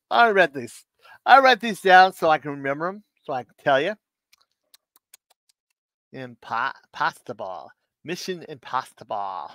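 A man's voice: on the high side, a bit bright, no room sound. A man hosting a casual live stream, reading dad jokes aloud and chuckling at his own punchlines, with loose rambling asides.

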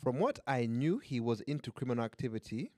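A man's voice: mid-range voice, sing-song, brisk, a little mellow, dry recording, clean studio sound. A young man, co-hosting a podcast and reading a listener's story aloud with joking asides. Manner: laughs often, reads the story aloud with asides. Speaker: podcast co-host.

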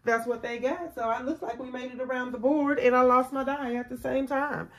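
A woman's voice: sits high, fairly even intonation, a little fast. A tired woman hosting a budgeting video, chatting casually with viewers and counting aloud as she plays a savings game at home. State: tired after a long workday. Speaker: budgeting channel host. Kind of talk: casual chat while playing a savings game.

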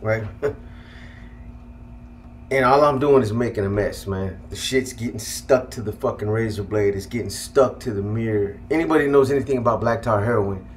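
Man swearing through a halting personal story. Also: fairly low pitch, slight background noise. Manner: profane, halting, with many fillers and restarts. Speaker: guest telling his life story.

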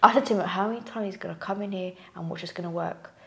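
A woman talks fast on a casual podcast, trading stories with her co-hosts. She tells them with life, slipping into little impressions of the people she quotes, at an ordinary middle pitch. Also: vocal fry. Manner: animated storyteller, mimics others' voices. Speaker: co-host.

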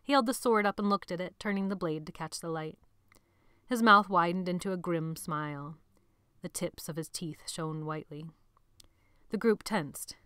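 A woman's voice: lowish voice, moderate pace, a bit bright, smooth, no echo, clean studio sound. Dramatic woman audiobook narrator. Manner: dramatic, sinks to a whisper at tense moments.

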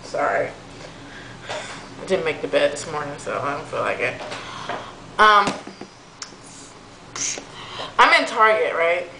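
A woman's voice: low voice, big pitch swings, a little slow, sharp tone, reverberant, a little hiss or hum, low-quality recording. A young woman venting to camera in a casual vlog, chatty and exasperated, with lots of fillers. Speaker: vlogger. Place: room at home.

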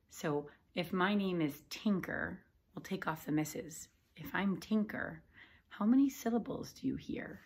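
A woman teacher giving a video lesson to young children in a sing-song, animated way. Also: fairly low pitch, normal speed, husky.

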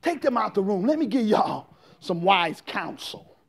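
Male pastor, very high-pitched, shouting sermon with call-and-response. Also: sing-song, measured pace, gravelly.

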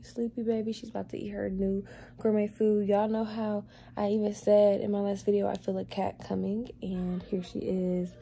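A young woman vlogging in a casual chat, doting and talking baby talk to her cat, sometimes drifting into soft whispers. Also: mid-range voice, flat delivery, moderate pace, vocal fry, breathy edge.

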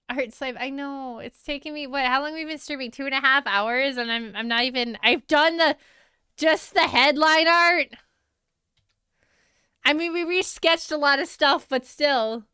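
Woman, streaming artist, casual chat with viewers, self-deprecating, laughs easily, fairly high voice, dry close-mic sound. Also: normal speed, bright, forceful tone, no room sound.

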